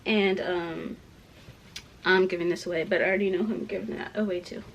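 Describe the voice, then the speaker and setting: A young woman rambling through a casual rant at home while packing, full of "like" fillers, dipping into soft asides. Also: lowish voice, steady tone, brisk, creaky, lo-fi sound. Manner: rambling, heavy use of "like" fillers; drops to soft asides about clothes. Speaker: vlogger.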